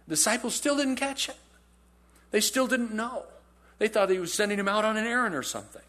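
A man preaching a sermon in a conversational, animated storytelling way, often repeating phrases for emphasis. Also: high voice, a little fast. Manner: animated storytelling, acts out quotes in character. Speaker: pastor.

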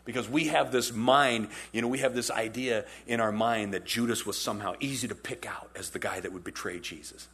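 Husky-voiced male pastor preaching. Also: lowish voice, fairly quick, hardly any pauses. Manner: animated storytelling, acts out quotes in character; conversational, repeats phrases for emphasis. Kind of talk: sermon.

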